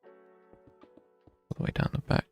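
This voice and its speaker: Streaming a game, a young man chats casually and thinks out loud, poking wry fun at himself. He speaks at a slow pace over faint background music.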